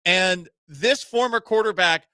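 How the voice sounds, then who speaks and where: In a radio studio, a man hosts a sports show, chatting casually, laughing often and sometimes letting his voice sink to a mumble. His high-pitched voice is unhurried, pushed and bright, clear and resonant, captured on a studio mic with clean sound and no room noise.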